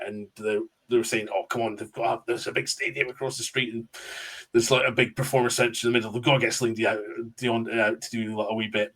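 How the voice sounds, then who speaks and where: A man's voice: lowish voice, a bit bright. A man, a Eurovision buff explaining details in casual chat with frequent "um"s. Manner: chatty, explains facts with fillers. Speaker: Eurovision expert guest.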